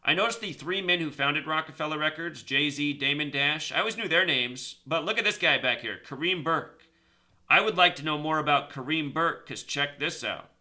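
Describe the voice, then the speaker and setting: A man hosting his own video, talking casually and rambling, repeating numbers and speeding up, then slowing down to stress a point. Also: a little high, pushed and bright. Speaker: video host. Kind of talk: casual monologue to camera.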